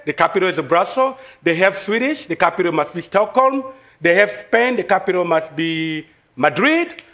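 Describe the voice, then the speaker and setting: Congolese pastor guy, french-african accent, kinda high voice, preaching hard and repeating himself. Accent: French-speaking Congolese. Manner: emphatic, rising to excited preaching with repeated phrases. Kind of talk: sermon.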